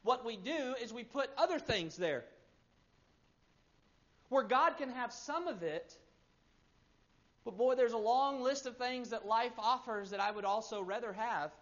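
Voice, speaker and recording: A pastor in his thirties preaching a sermon, swinging between loud emphasis and hushed, quiet stretches. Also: very high voice, unhurried, pauses often. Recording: muffled lo-fi sermon recording.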